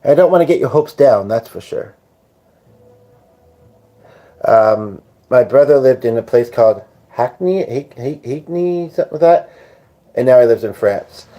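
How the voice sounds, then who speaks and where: A man's voice: mid-range voice, animated, moderate pace, dull audio. A tired man hosting a live stream, rambling and joking casually as he answers viewers' comments. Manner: rambling, jokey, chatty with viewers. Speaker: livestream host.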